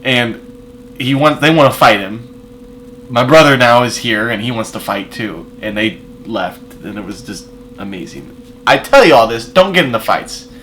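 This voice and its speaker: A man telling a personal story in a casual vlog, rambling with fillers and restarts and swinging between loud emphatic bursts and quiet asides. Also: medium pitch, lively intonation, a little slow, a little hiss or hum, low-quality recording.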